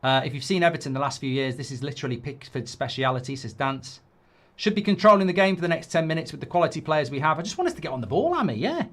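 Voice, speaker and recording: A man's voice: a little high, big pitch swings, fast, fairly bright tone. A man hosting a live football watchalong, reacting in frustration, swearing and reading out viewer comments. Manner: exasperated, swearing, ranting at the game; reads viewer comments aloud. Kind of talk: live match reaction chat.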